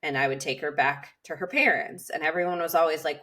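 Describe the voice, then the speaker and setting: Woman host telling a story, lower voice. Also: fairly even intonation, brisk, a bit bright. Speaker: podcast host. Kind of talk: casual conversation.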